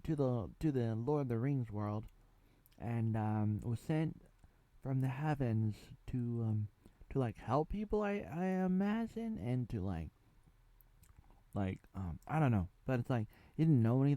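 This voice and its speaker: A man's voice: mid-range voice, warm tone, no room sound. A man in his thirties from the United States, giving a casual spoken TV review in a rambling way with lots of fillers. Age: 30s. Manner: rambling, full of fillers and asides. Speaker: TV show reviewer.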